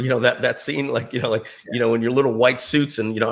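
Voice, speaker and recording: Middle-aged man, storyteller to a crowd, acts out others' lines, mid-pitched voice. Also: fairly even intonation, fast talker, gravelly. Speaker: speaker telling a personal story. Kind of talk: animated storytelling to an audience.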